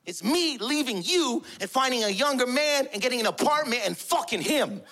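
A man voicing an angry middle-aged mother who scolds her husband in a shrill, shouting, sarcastic way. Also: lively intonation, moderate pace, exaggerated voice. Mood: furious sarcastic.

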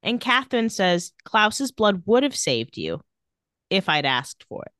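Co-hosting a podcast, a woman casually recaps scenes from a TV episode, quoting lines and adding dry asides. Her medium-pitched voice is very animated, unhurried and a bit bright, with no room sound.

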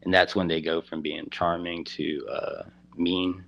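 Guest spot: very low-voiced man, meandering halting storyteller, dull lo-fi sound. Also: level tone, vocal fry. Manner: rambling, halting, heavy on "you know" and "like". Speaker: guest telling a personal story. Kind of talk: casual storytelling.

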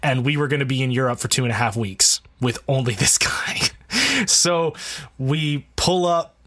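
A man's voice: mid-range voice, moderate pace, a bit bright. A man, a guitarist guest, telling road stories in casual chat, with frequent laughter and swearing. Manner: laughing, profane anecdotes. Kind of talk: casual storytelling.

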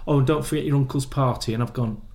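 Male guest, storyteller, acts out quotes, mid pitch. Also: fast. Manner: animated, acts out quotes, laughs often. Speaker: guest, former footballer. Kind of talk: anecdotal storytelling.

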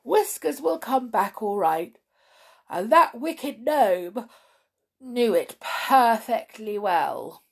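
A woman's voice: fairly high pitch, lively intonation, extremely slow, creaky, breathy edge, pitched above the performer's own voice, full character voice. A woman voicing the head brownie, a grown man who speaks firmly and sternly. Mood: reassuring. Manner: firm, scolding. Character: head brownie man, fierce then cheerful.

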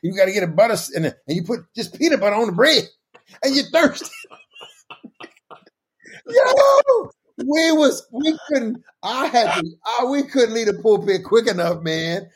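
A husky man with a fairly high voice tells church stories in casual chat. His pitch swings widely as he acts out what others said, and he laughs often. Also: fairly quick. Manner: animated, laughs often, jumps in pitch when quoting. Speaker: podcast co-host.

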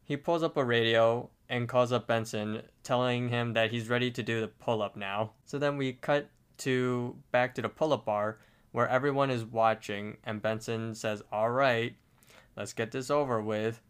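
A male podcast co-host narrates a cartoon episode step by step, with casual fillers along the way. His voice is smooth and clear, at an average pitch. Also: fairly even intonation, moderate pace.

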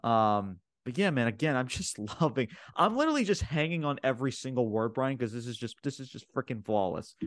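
A man recapping wrestling in casual chat, excitable and stumbling over his words as he repeats himself. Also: medium pitch, fairly quick, hardly any pauses, no echo, studio quality. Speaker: podcast co-host.

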